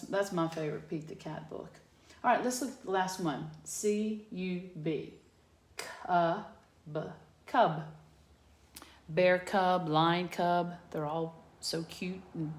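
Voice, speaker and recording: A woman teacher giving a patient phonics lesson to young children from her home garage, sounding out letters slowly. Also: fairly low pitch, reverberant.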